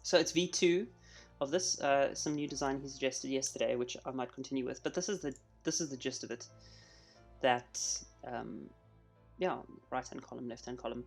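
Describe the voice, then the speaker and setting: A man talking through his work on a live coding stream in a casual, chatty way. He thinks out loud and narrates each step as he goes. His voice sits at an ordinary middle pitch, with soft music playing faintly behind him. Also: moderate pace, creaky.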